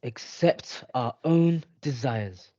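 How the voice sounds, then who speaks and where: A young man in his twenties on a video call, slowly repeating phrases after his coach. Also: medium pitch, expressive, dark tone, roomy sound, dull audio. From England. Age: 20s. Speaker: student.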